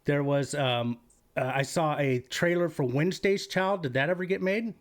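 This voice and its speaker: A man's voice: fairly high pitch, normal speed, soft background music. A man hosting a casual interview who talks hesitantly, with many restarts and fillers. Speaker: podcast host.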